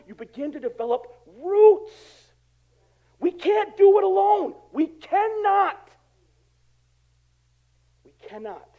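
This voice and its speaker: A male pastor preaching a sermon in a casual, conversational way, swinging from quiet asides to loud emphatic bursts. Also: extremely high pitch, narrow, tinny audio. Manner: animated, conversational preaching with dramatic swings in volume.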